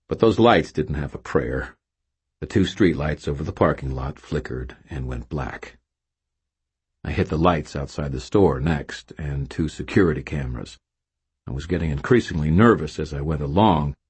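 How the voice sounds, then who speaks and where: A man reads a first-person novel in a low, deep voice that is strikingly clear and smooth. His intonation rises and falls with lively energy. The telling is wry and self-mocking. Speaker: audiobook narrator.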